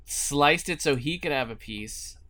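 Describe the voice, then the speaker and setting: A young man co-hosting a casual podcast, quick and joking, often asking questions. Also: a little high, sharp tone. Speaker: podcast co-host.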